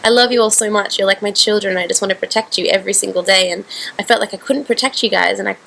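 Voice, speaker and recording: Woman, vlog message to her group, earnest and rambly, mid pitch with gravelly fry. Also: fast talker, a bit bright, rough recording. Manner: earnest, heartfelt, rambling with fillers. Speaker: online group founder. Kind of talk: direct-to-camera video message.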